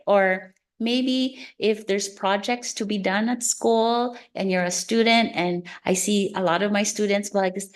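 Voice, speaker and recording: A woman educator giving an online talk about children's emotions, lively, acting out children's and parents' lines. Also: medium pitch, unhurried, hardly any pauses. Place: online meeting room. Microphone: video call.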